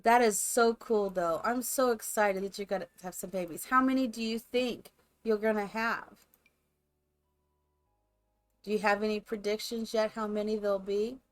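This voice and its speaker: A woman's voice: medium pitch, steady tone, moderate pace. A woman live streamer chatting casually and rambling to her viewers while she builds in a game. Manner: chatty, rambling, talks to chat.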